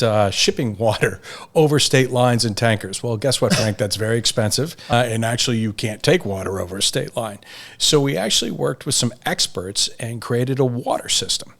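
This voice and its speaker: A man's voice: mid-range voice, vocal fry. A man, a company chief executive, answering interview questions in an upbeat, assured way. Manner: upbeat, assured, steady explanation. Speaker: company CEO guest.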